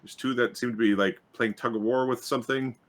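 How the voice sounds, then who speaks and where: A man running a tabletop game as game master, describing scenes in a halting way with many fillers and restarts. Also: medium pitch, steady tone.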